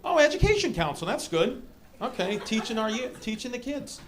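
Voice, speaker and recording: Rambling New comic, high voice. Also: male voice, normal speed. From New York City (Queens). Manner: animated, rambling, lots of fillers and restarts. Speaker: stand-up comedian. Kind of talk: stand-up storytelling and crowd work. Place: comedy club stage. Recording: live club recording with crowd laughter.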